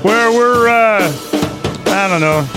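A man's voice: high voice, takes it slowly, over loud music. A man hosting a talk radio show, rambling through a casual monologue full of fillers and asides.

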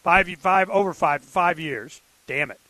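A man co-hosting a political talk radio show, chatting casually in a rambling, halting way full of restarts. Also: high voice, bright, forceful tone, no echo.

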